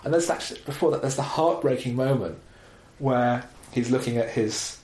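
A man's voice: mid-range voice, moderate pace. Wry man in an echoey room. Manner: animated, wry, exasperated asides. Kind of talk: casual film chat. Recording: roomy echo, faint background noise.

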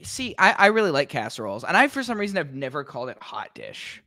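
A man's voice: fairly high pitch, wildly swooping pitch, quick pace, bright, forceful tone, dry recording, clean studio sound. A young man from Minnesota co-hosting a casual podcast chat, chatty and easygoing. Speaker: podcast co-host.

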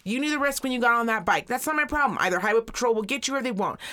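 A woman's voice: a little high, lively intonation, racing, sharp tone. A woman co-hosting a podcast in casual chat, telling stories bluntly and swearing freely. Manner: blunt, profane, storytelling. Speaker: podcast co-host.

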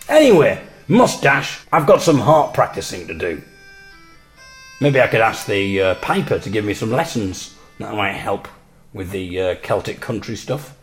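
A man with an English accent recording a spoken audio diary in a hotel room, storytelling wryly and deadpan with mock-dramatic emphasis. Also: on the low side, a little slow, soft background music. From England. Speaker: folk musician and audio diarist. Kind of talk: casual spoken diary with dry humour.

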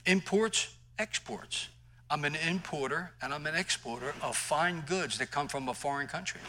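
A man's voice: fairly high pitch, bright, forceful tone, rough recording. A male pastor preaching a sermon in an emphatic, conversational way, mixing scripture with personal stories.

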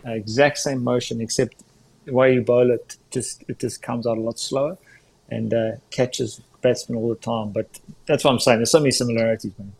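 Enthusiastic rugby coach chatting as a guest. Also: male voice, mid-range voice, steady tone, a little fast, creaky, darkish tone, slightly rough, poor audio. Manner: enthusiastic, laughs often. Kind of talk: casual interview chat.

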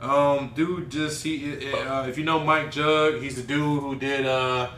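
A man's voice: mid-range voice, steady tone, slow pace, fairly bright tone, a little hiss or hum. A man hosting a casual podcast, talking in loose, slangy banter. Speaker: podcast host. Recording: echoey room, off-mic, faint ambience.

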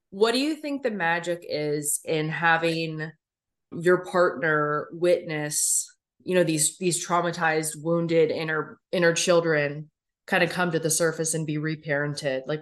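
A woman's voice: low-pitched, fairly even intonation, unhurried. A woman hosting a podcast interview, casual and blunt, swearing freely. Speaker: podcast host.

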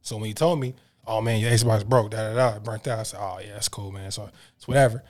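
A man telling a story at a laid-back, measured pace, speaking in casual slang among friends. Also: on the low side, steady tone, a little mellow.

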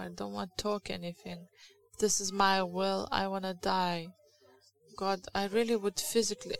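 A woman's voice: mid-range voice, creaky, low-quality recording. A woman with a Lithuanian accent preaching a sermon in English, her second language, in a candid, confessional way with frequent halts and restarts.

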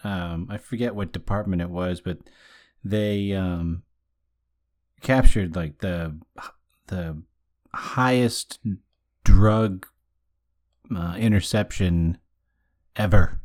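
A man co-hosting a podcast, talking casually and pausing to search for words. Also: low voice, a little mellow. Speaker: podcast co-host. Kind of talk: casual chat.

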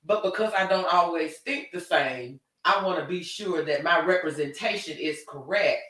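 A talkative woman co-hosts a live show and speaks frankly and animatedly about dating. Her voice sounds bright and forceful. It is picked up from some distance in a roomy, echoing space. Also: fairly low pitch, moderate pace. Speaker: co-host of a live talk show. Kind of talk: casual chat about relationships.

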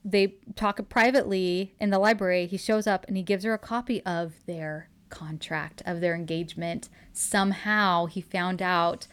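A woman's voice: fairly low pitch, fairly even intonation, normal speed, few pauses, clean tone. A woman hosting a podcast in casual chat, eagerly retelling a book's plot, gushing and laughing often. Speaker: podcast host recapping a book.

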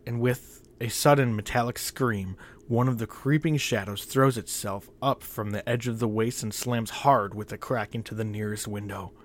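A man narrating a first-person horror story in a measured, tense, often quiet way. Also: lowish voice, fairly even intonation.

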